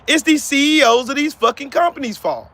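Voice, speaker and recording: A man hosts a heated live-stream rant, his voice pitched high with a sharp, bright edge and a gravelly rasp. He swears freely, circles back to repeat his points, and calls out to chat viewers by name. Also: lively intonation, brisk. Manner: profane, fired-up, repetitive.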